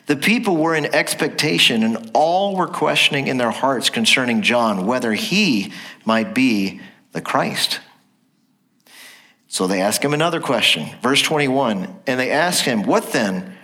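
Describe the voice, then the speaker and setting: A man with a bright, forward voice, preaching a sermon in church. He works through scripture and stops to ask the congregation questions. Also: mid-range voice. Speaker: pastor.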